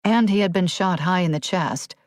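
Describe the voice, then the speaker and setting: A woman narrating a thriller audiobook in a measured, even reading. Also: lowish voice, no echo, clean studio sound.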